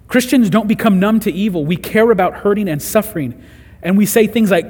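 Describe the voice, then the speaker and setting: Husky preacher in a reverberant hall. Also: male voice, sits high, fairly quick, a little mellow. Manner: earnest, conversational preaching with rising emphasis. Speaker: pastor. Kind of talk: sermon.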